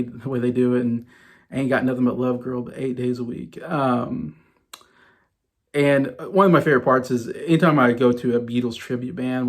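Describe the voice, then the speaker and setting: A man in his thirties talking enthusiastically and ramblingly in a casual music ranking vlog. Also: mid-range voice. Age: 30s. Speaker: music vlogger.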